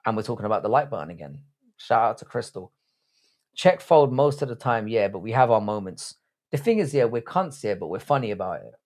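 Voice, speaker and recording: A man's voice: on the low side, big pitch swings, brisk, darkish tone. A young English man hosting a livestream, reading chat aloud and bantering in a blunt, crude, rambling way with frequent restarts. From England. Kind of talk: casual live-stream chat.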